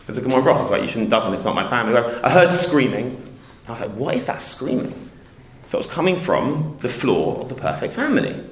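Speaking quickly in a mid-range voice with big swings in pitch, a middle-aged man from England spins a casual, moral-bearing story for a community crowd. He wanders, interrupts himself, and performs the voices of the people he quotes, with a roomy echo and a little background noise.

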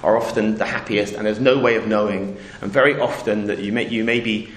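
A man's voice: on the low side, steady tone, a little fast. Rambling man telling a story in a roomy space. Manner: rambling, self-interrupting, acts out quoted voices. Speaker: storyteller speaking to a community audience. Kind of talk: casual anecdotal talk with a moral. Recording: roomy echo.

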